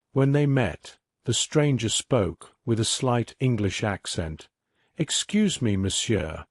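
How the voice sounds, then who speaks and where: A man narrating a classic mystery story as a calm, even bedtime reading. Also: mid-range voice, dry recording, clean studio sound.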